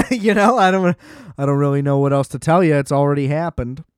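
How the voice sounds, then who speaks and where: A man's voice: a little high, fairly quick, clear, resonant tone, no echo, clean studio sound. A young man hosting a solo podcast, ranting in a casual, profane, exasperated way and leaning on filler words. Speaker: podcast host.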